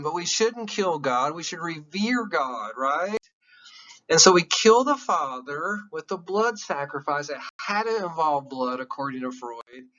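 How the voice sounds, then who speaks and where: Excitable man lecturing, bright tense voice. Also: on the high side, muffled recording. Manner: excitable, emphatic, checks in with listeners. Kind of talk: classroom lecture.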